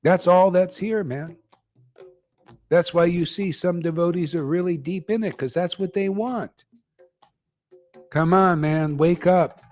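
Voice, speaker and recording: A man's voice: high voice, measured pace, pauses often, a little mellow, soft background music. An older man giving a blunt, slangy devotional talk as a spiritual teacher, ranting and calling his listeners "man.". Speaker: spiritual teacher leading a chanting gathering.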